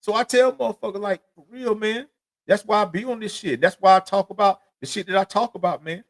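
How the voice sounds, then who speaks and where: High-voiced streetwise man talking candidly. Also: fairly quick. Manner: streetwise, profane storytelling. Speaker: podcast host. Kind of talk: casual monologue.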